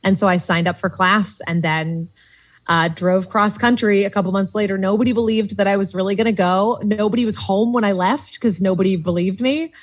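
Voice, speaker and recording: A young woman from Boston with a Boston accent, a comedian guest telling lively stories in casual podcast chat and acting out the voices she quotes. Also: medium pitch, brisk, poor audio.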